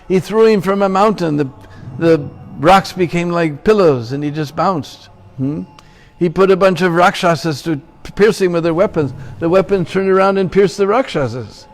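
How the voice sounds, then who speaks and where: A man's voice: high-pitched, normal speed, few pauses. A man preaching in a temple, telling a sacred story and checking in with his listeners. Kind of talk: sermon storytelling.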